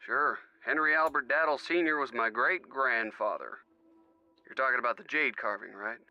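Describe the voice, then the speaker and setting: A man's voice: medium pitch, moderate pace, highs cut off, lightly acted. An actor voicing a friendly, easygoing older man in a video game. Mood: genial. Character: genial older man, a great-grandson heir.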